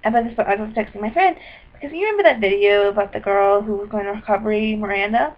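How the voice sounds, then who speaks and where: A woman talking into her computer's webcam in a rambling video diary, scattered and apologetic, with bursts of excitement. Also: medium pitch, fast talker. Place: indoors at a computer. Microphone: built-in computer webcam mic. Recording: dull lo-fi webcam audio.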